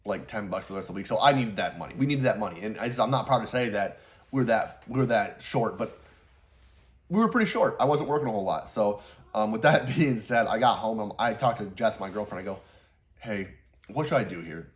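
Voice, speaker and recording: A man's voice: on the low side, lively intonation, a little fast. A young man who runs a lawn care business, casually telling a story, rambling, laughing often and swearing now and then.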